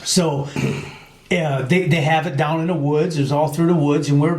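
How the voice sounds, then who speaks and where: A loud crowd can be heard as a middle-aged man from New York, his voice a little high and his pace moderate, tells hunting stories on a casual podcast. A chapter president and guest on the show, he narrates animatedly with quoted voices, in an echoey room.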